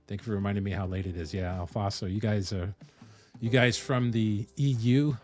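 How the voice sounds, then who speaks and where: A man from the Northeastern US streaming live, chatting casually with viewers and thinking aloud with frequent pauses. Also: lowish voice, fairly even intonation, a little mellow, soft background music. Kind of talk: casual live-stream chat while coding.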